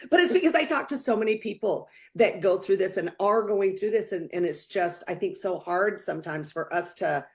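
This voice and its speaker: A woman's voice: medium pitch, animated, moderate pace, few pauses, darkish tone. A woman co-hosting a motivational podcast, speaking earnestly and from the heart, with many fillers. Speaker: podcast co-host. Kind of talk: casual motivational chat.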